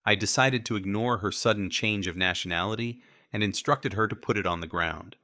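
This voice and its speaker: A man reading a first-person audiobook in a steady, wry way. His voice is deep and forceful. The recording is dry and close, with no room sound. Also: a little fast, dry recording. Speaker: audiobook narrator.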